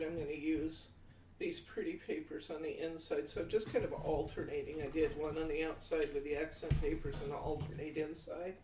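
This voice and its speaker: A man's voice: fairly high pitch, a little mellow. A man hosting a live-stream crafting demonstration, chatting folksily with viewers and talking through each measurement step by step. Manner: chatty, folksy, answers viewer comments aloud. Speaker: craft show host. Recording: echoey room, distant mic, faint noise.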